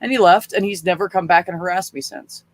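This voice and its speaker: A man hosting a livestream in casual chat, frank and rambling, swearing freely and filling pauses with ums. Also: sits high. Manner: frank, profane, rambling with fillers. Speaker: livestream host.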